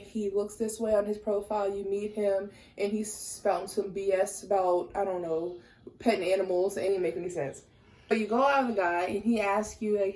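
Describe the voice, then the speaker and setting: While doing her makeup, a young adult lifestyle vlogger chats casually to her viewers, sassy and candid and at times getting heated. Her mid-range voice is a little mellow and sounds reverberant.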